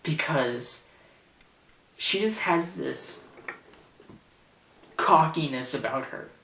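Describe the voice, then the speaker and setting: A man's voice: on the high side, expressive, drawn-out words, vocal fry, pushed and bright, reverberant, distant mic, a little hiss or hum. A teenage boy ranting sarcastically and indignantly into a camcorder in his bedroom. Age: teens. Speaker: vlogger. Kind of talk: ranting vlog. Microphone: camcorder mic.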